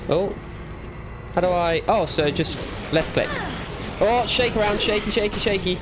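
A man's voice: sits high, a little slow, background noise. A young man giving playful let's play commentary, teasing and talking back to the game's characters. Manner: jokey, teasing, talks back to game characters. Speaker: gamer.

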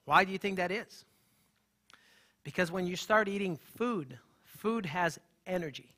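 A man, a holistic health practitioner, gives an animated, emphatic live talk and banters with the audience in the room. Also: high voice, a little slow.

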